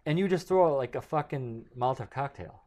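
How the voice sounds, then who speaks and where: A man with a New York accent co-hosts a podcast in casual chat. His pitch swings a lot as he talks, and he is blunt, profane and joking. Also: expressive, a little fast, dark tone. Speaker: podcast co-host.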